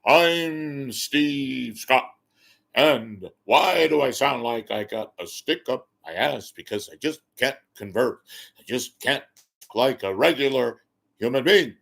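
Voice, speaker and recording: A man's voice: medium pitch, animated, slow pace, creaky, a bit bright, full character voice. A man impersonating a stiff, pompous male radio news anchor who talks in a stilted, formal way.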